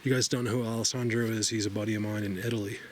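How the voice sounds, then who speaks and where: A man vlogging outdoors in a forest, talking casually to camera in an excitable, rambling way and laughing often. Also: fairly low pitch, rapid-fire, slight background noise.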